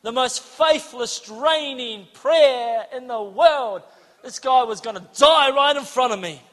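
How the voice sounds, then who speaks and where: A man preaching a sermon, telling a story and acting out the dialogue, shouting at the high points. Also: slow, in a large hall. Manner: animated, acts out dialogue, shouts for emphasis.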